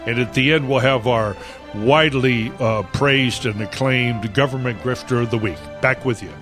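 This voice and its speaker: A man hosting a political talk radio show, opinionated and halting, with many fillers and restarts. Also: medium pitch, over music.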